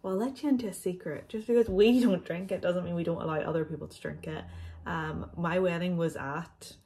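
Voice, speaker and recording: A young woman talks casually to her viewers, loose and chatty with plenty of ums. Her voice sits a touch low, and she sounds slightly out of breath throughout. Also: fairly even intonation, a little fast, warm tone, slight background noise. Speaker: vlogger. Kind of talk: casual chat answering viewer questions.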